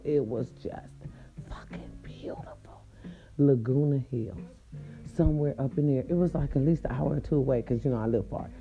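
A woman telling viewers a story in a casual, animated and profane way, speaking straight to them. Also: low voice, muffled recording.

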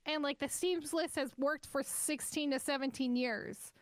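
A young woman co-hosting a podcast, her voice high and bright. She talks in loose, profanity-laced banter. The recording sounds close and dry. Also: moderate pace, no echo. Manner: profane, chatty and joking. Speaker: podcast co-host. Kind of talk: casual chat.

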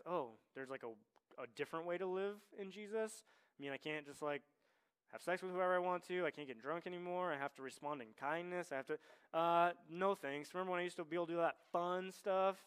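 Male pastor, casual conversational sermon delivery, fairly high-pitched, voices the quoted characters. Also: fairly bright tone. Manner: conversational, tags lines with "right?", acts out quoted voices.

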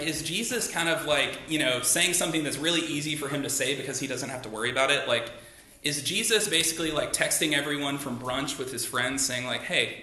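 A man's voice: on the high side, bright, forceful tone, slight background noise. A man pastor giving a sermon in a church, talking conversationally and asking the congregation rhetorical questions. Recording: echoey room.

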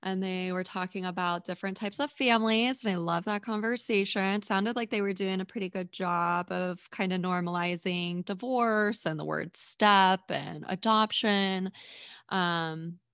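A woman's voice: mid-range voice, moderate pace, fairly bright tone, clear, resonant tone, no room sound. Reassuring woman on a dry mic. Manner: earnest, reassuring, affirming. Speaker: therapist, podcast guest. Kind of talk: casual podcast conversation.

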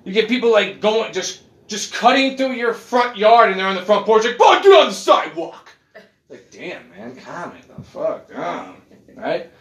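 A man hosting a casual podcast from his couch, ranting in a profane, animated way. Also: high voice, moderate pace, gravelly. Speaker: podcast host. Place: living room at home, on a couch. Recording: echoey room.

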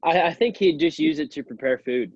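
A man's voice: fairly high pitch, wildly swooping pitch, brisk, creaky, darkish tone, husky, dry recording. Dry-humored man on a dull lo-fi mic. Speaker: podcast co-host. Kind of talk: casual chat.

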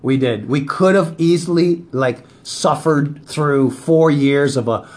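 A man's voice: on the high side, slow, a little hiss or hum. A Canadian man co-hosting a podcast, ranting with lots of swearing in casual chat. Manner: profane, ranting, animated political rant. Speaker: podcast co-host. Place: small hot studio.

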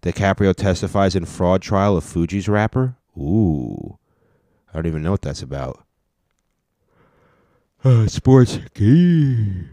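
A man's voice: sits low, moderate pace, a little mellow, dry recording, clean studio sound. A man hosting a casual solo podcast, reading news headlines aloud and adding sarcastic commentary. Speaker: podcast host.

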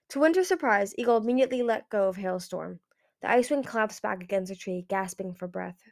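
A woman's voice: medium pitch, fairly quick. A woman reading a fantasy novel aloud in plain narration, now and then correcting herself. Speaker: audiobook reader.

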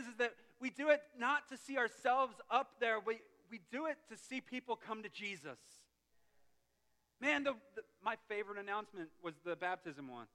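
Male preacher, bright and forceful tone, fervent delivery that drops to a near hush, recorded in a reverberant sanctuary. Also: extremely high pitch. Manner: impassioned, swinging from loud to hushed. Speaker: pastor. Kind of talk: sermon. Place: church sanctuary. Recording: long reverb of a church hall.

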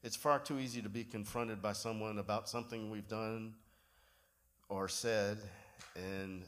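A man delivers a sermon from the pulpit. His voice sits a little low, and he tells everyday stories in a relaxed way, poking gentle fun at himself as he goes. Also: a little slow. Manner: relaxed storytelling with self-deprecating humor. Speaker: pastor.

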